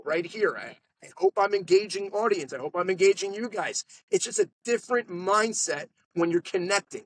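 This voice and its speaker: A man, a podcast guest telling sales stories in a lively, animated way. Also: sits high, a little hiss or hum, low-quality recording. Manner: animated salesman storytelling, quick asides. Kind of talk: casual storytelling interview. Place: podcast studio.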